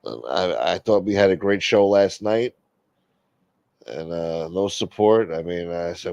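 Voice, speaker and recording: Man, low voice, profane rambling host, dry dull lo-fi sound. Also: a little slow, gravelly, darkish tone, no room sound. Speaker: livestream host. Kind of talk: casual livestream talk. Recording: dull lo-fi stream audio.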